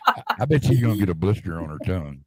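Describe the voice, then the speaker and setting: Lively, profane low-voiced man. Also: quick pace, vocal fry, breathy edge, no echo. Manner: loud, profane, jokey. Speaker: live stream co-host. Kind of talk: casual live stream chat.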